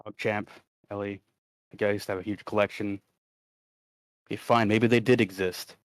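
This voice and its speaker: A man's voice: fairly low pitch, fairly even intonation, moderate pace, no room sound. A man co-hosting a livestream in casual chat, rambling and reading chat messages aloud. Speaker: stream co-host.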